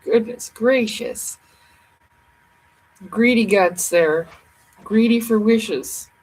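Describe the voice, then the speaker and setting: A woman's voice: a little high, very slow, darkish tone, rough recording. A tired woman chatting playfully and ramblingly with viewers on a casual livestream.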